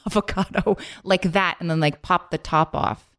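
A woman's voice: fairly low pitch, steady tone, a bit bright. A woman co-hosting a podcast, talking casually and emphatically with lots of "like". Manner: quick, emphatic, peppered with "like". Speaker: podcast co-host.

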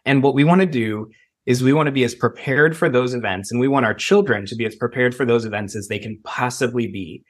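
A man's voice: mid-range voice, brisk. Earnest man explaining safety. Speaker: school safety expert guest. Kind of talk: conversational interview. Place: Los Angeles.

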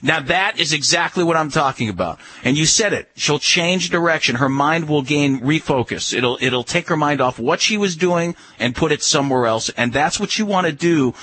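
A man's voice: on the high side, expressive, normal speed, hardly any pauses, pushed and bright, low-quality recording. A man on a call-in radio show giving dog-training advice in a firm, instructive way, often repeating key words.

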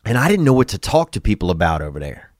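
A man's voice: on the low side, sing-song, quick pace, no echo, studio quality. A man from Louisiana, hosting a podcast in a rambling, profane, comedic monologue. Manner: rambling, profane, drawling asides. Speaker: podcast host.

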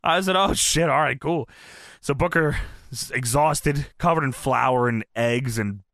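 A man co-hosting a podcast, retelling events in an animated, profane way and laughing often. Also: mid-range voice, measured pace, no echo, studio quality. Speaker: podcast co-host. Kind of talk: casual chat recapping wrestling.

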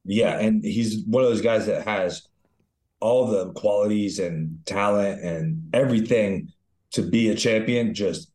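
A man with a very deep voice chats in a laid-back, enthusiastic way, dropping the odd swear word. His voice bounces around a roomy, echoey space, like an untreated room. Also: unhurried, a little mellow. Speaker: co-host, retired fighter. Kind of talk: casual podcast chat. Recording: roomy echo.

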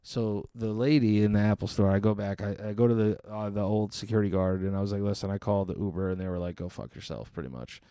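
A man in his thirties telling a profane, exasperated comic story as a podcast host, quickly acting out the people in it. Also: lowish voice, fairly even intonation, warm tone, clean tone, no room sound. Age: 30s. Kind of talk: solo comedic storytelling.

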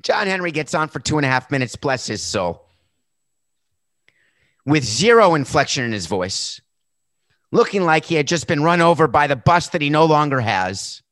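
A man's voice: on the high side, very animated, moderate pace, long pauses, fairly bright tone, no room sound, studio quality. A man hosting a sports talk show, delivering a sarcastic, mocking commentary monologue.

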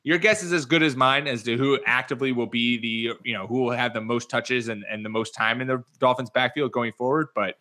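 A man hosting a fantasy football podcast, joking and getting excited in quick bursts. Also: medium pitch. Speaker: podcast host.

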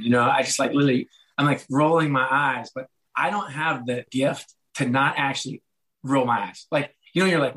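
A man's voice: mid-range voice, fairly even intonation, a little fast, a bit bright, poor audio. A middle-aged man, an author, talking in a casual podcast interview, chatty and self-deprecating, acting out what others said to him. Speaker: author and guest.

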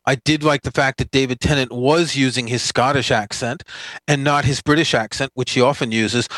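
A man co-hosting a talk show, giving frank, measured opinions in casual chat. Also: mid-range voice, a bit bright, no echo.

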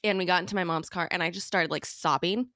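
A woman hosting a podcast, chatting in a relaxed, casual way, laughing often and swearing offhandedly. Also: fairly low pitch, fast, dry recording, studio quality. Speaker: podcast host. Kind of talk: casual chat.

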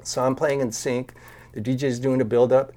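A podcast guest, heard over a video call, tells a story at a moderate pace in a mid-range voice. He is an animated storyteller who acts out the voices and quotes of the people involved.

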